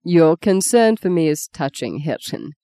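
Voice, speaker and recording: A woman's voice: low voice, expressive, measured pace, mellow, no echo. A woman voicing a self-assured older male politician who speaks mildly and drily in an audiobook reading. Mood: dry. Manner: mild, dry, teasing.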